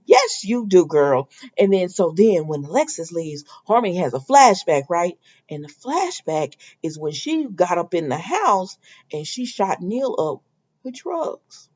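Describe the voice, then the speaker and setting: A woman's voice: lowish voice, sing-song, measured pace, a little mellow. A woman casually recapping a soap opera episode, retelling scenes in quoted dialogue with her own asides. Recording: dull lo-fi sound.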